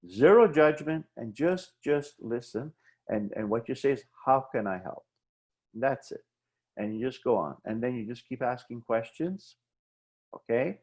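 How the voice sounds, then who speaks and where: A man's voice: mid-range voice, a little mellow. A middle-aged man giving an instructional talk on helping people through grief. He often checks in with the listener and acts out short sample conversations. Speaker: wellness speaker.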